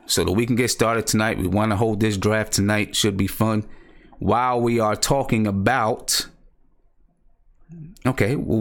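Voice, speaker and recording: A young man with a somewhat low voice hosts a live stream. He talks in a loose, excited way, circling back to the same points and reading out viewer comments as he goes. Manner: excitable, repeats himself, reads chat aloud. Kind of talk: casual live stream chat.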